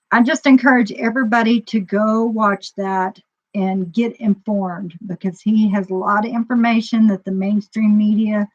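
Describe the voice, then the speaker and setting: A woman who owns a store, talking to her viewers in a loose, rambling vlog monologue full of "you know" fillers. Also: medium pitch. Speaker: store owner. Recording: dull lo-fi recording.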